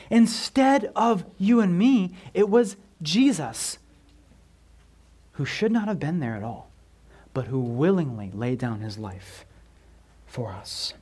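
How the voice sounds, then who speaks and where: Male pastor, sermon, slow measured delivery, emphatic with hushed drops. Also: a little high, expressive. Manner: emphatic preaching, swinging from loud stress to near whisper; addresses congregation with questions.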